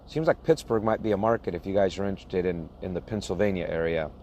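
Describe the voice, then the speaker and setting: A man's voice: low voice, darkish tone, a little hiss or hum. A man talking casually to his viewers and reading out a list of places, plain-spoken and chuckling at names he cannot pronounce. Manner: slow, plain-spoken, laughs at his own mispronunciations. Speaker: box truck owner-operator vlogger.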